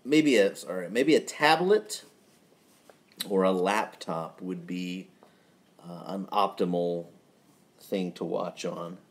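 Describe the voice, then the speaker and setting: A man's voice sits low as he takes things slowly, with long pauses, chatting on his own live stream from his home garage at night. He's relaxed and rambling, breaking into chuckling asides.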